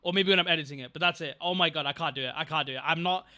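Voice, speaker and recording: A man's voice: fairly high pitch, rapid-fire, bright, forceful tone. A young man chatting casually on a livestream, rambling, getting distracted and thanking viewers from chat. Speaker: streamer.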